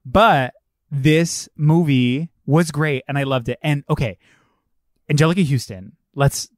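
A man's voice: on the high side, unhurried, dry recording, studio quality. A young man co-hosting a podcast, chatting casually and animatedly, swearing freely and acting out quotes in shifting voices. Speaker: podcast co-host. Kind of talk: casual chat.

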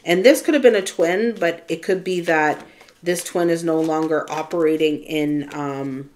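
A woman's voice: deep voice, moderate pace, a little mellow, a little hiss or hum. A woman giving a casual, chatty tarot reading to her viewers. She often checks in with "right?" and addresses the listener as Divine Feminine. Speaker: spiritual tarot reader.

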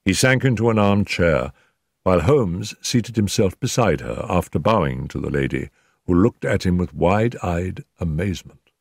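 An older man narrating a classic mystery in a measured storytelling manner. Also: low-pitched, animated, gravelly, breathy edge, dry recording, studio quality. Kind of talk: audiobook narration.

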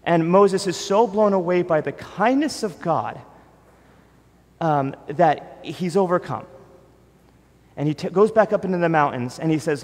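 A male pastor delivering a sermon in a relaxed, conversational way, with casual asides and the odd filler. His voice sits a little high for a man and carries a long, ringing reverb from the church hall around him. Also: unhurried, pauses often. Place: church sanctuary.

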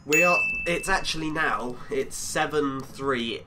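A man's voice: on the high side, takes it slowly, sharp tone, slight background noise. A young man bantering good-naturedly during a game, often laughing. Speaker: gaming YouTuber guest. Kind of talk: casual gaming banter.

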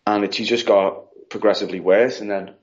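Man, grieving, rambling podcast guest, low-pitched, muffled lo-fi audio. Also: steady tone, fairly quick. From United Kingdom. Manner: rambling, retelling with quoted dialogue. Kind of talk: casual interview chat. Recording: dull lo-fi audio.

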